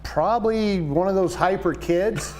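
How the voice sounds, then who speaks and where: A man in his sixties, a painting business owner, chatting as a guest and telling lively stories with quoted voices. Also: high voice, a little slow, slight background noise. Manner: enthusiastic storyteller, animated quoted voices. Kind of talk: casual interview chat.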